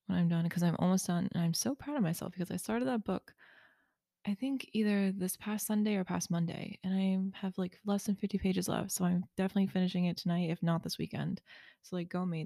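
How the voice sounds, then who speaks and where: A young woman in her twenties talks through her week on a solo podcast, in a low, gravelly voice with little rise and fall. Her tone is mellow, and she chats in a confiding, rambling way full of fillers and small laughs. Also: no echo, clean studio sound. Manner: chatty and confiding, with frequent fillers and light laughs. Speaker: podcast host. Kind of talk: casual solo podcast chat.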